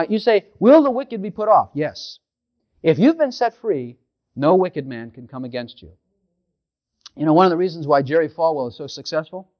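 A man preaching a sermon with fervent emphasis, rising into quoted prayers. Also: on the high side. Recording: dull lo-fi recording.

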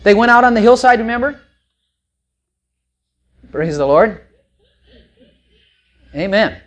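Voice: mid-range voice, slow. Preacher, casual sermon storyteller; jokey, repeats himself, stammers restarts. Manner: folksy, animated storytelling with joking asides; swings between loud bursts and quiet asides. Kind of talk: sermon, Bible teaching.

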